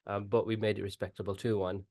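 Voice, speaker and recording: Laid-back, lower-voiced Birmingham co-host. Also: male voice, flat delivery, fast, darkish tone. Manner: laid-back, laughs easily. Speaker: podcast co-host. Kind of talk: casual football chat.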